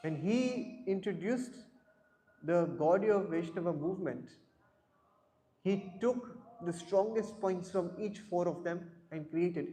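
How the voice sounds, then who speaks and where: A man's voice: on the high side, warm tone. A man giving a scripture class in a temple hall, explaining verses word by word and putting questions to his listeners. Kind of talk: Bhagavad Gita class talk. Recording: roomy echo.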